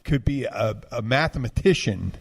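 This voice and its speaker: A man's voice: medium pitch, lively intonation, moderate pace, creaky, slightly rough. A man, hosting a podcast in rambling, digressive casual talk. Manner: rambling, digressive, full of restarts. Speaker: podcast host. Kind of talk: casual chat.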